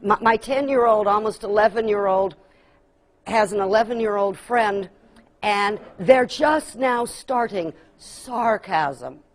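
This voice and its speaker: Lively woman presenter with folksy humor. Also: mid-range voice, slow pace. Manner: humorous, acts out kids' voices, folksy asides. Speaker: workshop presenter. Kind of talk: lively training lecture. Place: workshop room.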